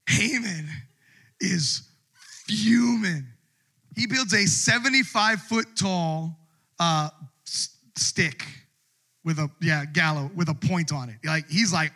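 Animated, bright-voiced male preacher. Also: high-pitched, slow, pauses often. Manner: animated storytelling with acted voices. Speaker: pastor. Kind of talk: sermon. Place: church service.

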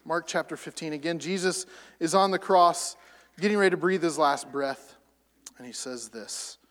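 A man preaching a sermon, rising to loud emphatic peaks and falling back soft. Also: fairly high pitch, moderate pace, in a large hall. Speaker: pastor.

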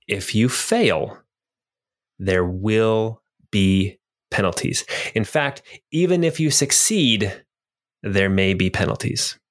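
A man narrating a tabletop game as game master, descriptive with some hesitant fillers. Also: on the low side.

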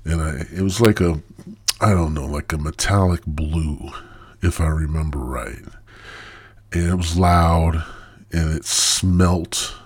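A man's voice: rumbling low, takes it slowly, husky. A stoned man hosting his own podcast in a crude, rambling monologue that loses its thread. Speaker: podcast host.

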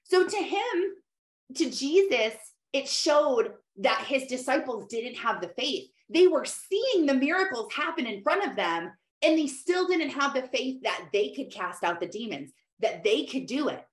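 A woman's voice: sits high, sing-song, a little slow. A middle-aged woman giving earnest devotional teaching, exhorting listeners between loose asides. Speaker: Christian teacher. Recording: roomy echo.

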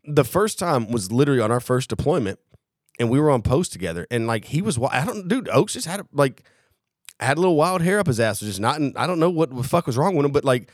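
A man's voice: medium pitch, sing-song, fast talker, dry recording, studio quality. A man in casual podcast chat, telling a long story in a rambling, profane way, laughing and acting out what people said. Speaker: podcast co-host, former Marine.

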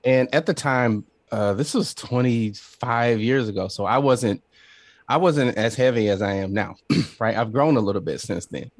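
A man's voice: medium pitch, moderate pace, dry recording. A middle-aged man spins stories with gusto, laughing along the way. His voice sits in a middle register and sounds dry and close, as if in a treated studio. He tells them like an easygoing podcast guest. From Southern Illinois, USA. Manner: animated storyteller, laughs often, acts out quoted voices. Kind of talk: casual storytelling interview.

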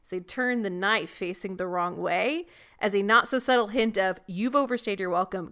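A young woman co-hosting a casual chat show, making quick wry asides about a TV episode. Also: mid-range voice, bright, forceful tone, clear, resonant tone. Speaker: podcast co-host.

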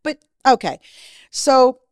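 A woman's voice: high voice, animated, slow, no room sound, clean studio sound. A woman in her fifties, a guest in an interview, telling her story bluntly, swearing freely and acting out what people said.

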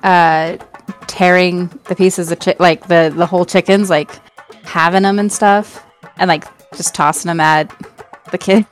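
A woman's voice: on the low side, steady tone, unhurried, faint music behind. A woman playing a tabletop role-playing game, chatting and laughing with the group. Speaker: player. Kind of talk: casual game chat.

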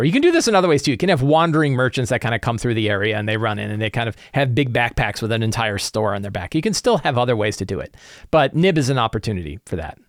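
Lively man sharing game-master tips. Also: medium pitch, no echo, clean studio sound. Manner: animated, acts out players' reactions. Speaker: tabletop game master giving advice. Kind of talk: casual tips talk.

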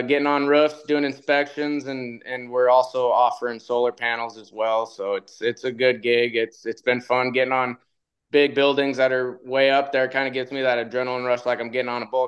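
A man's voice: mid-range voice, flat delivery, fairly quick, smooth, lo-fi sound. A man, a retired bull rider, guesting on a podcast and telling stories in a laid-back way, often laughing. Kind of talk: casual storytelling.

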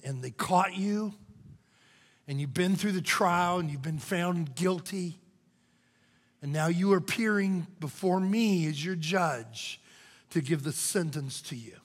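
An older man preaching a sermon as pastor, moving from loud cries to hushed whispers. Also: on the high side, husky. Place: church sanctuary. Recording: church hall reverb.

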